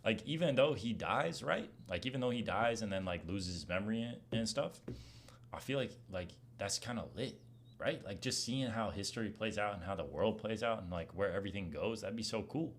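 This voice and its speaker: Young male streamer, casual slangy Q&A voice, animated rants. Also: fairly low pitch, brisk. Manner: animated slang-heavy rant, gets loud when heated. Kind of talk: casual Q&A chat.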